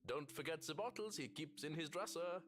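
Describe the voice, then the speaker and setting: A dry, wry male butler speaks in a low, lowered voice, dropping remarks from the side, as a woman puts him on. He sounds like a game character read aloud, with soft music under him. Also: fairly quick, natural voice. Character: dry-witted male butler, grown man.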